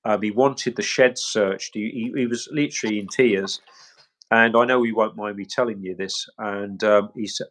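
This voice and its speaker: A middle-aged search specialist with a lowish, slightly bright voice speaks at a moderate pace in an interview. He recounts events emphatically, frequently quoting what people said and repeating his points.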